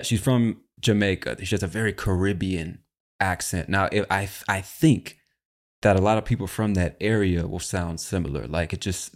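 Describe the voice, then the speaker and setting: Very low-pitched American male host, casual and slangy, playful teasing. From United States. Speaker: podcast host. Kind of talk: casual chat.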